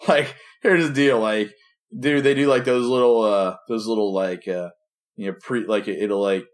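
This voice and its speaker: A man's voice: on the low side, fairly even intonation, moderate pace. A man co-hosting a casual podcast over a call, rambling and joking, often trailing off mid-sentence. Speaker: podcast co-host. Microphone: remote video call.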